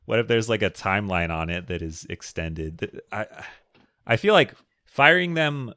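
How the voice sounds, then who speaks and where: A man's voice: fairly low pitch, expressive, normal speed, sharp tone, dry recording, studio quality. A man co-hosting a casual podcast, joking around and reading listener questions aloud. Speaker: podcast co-host.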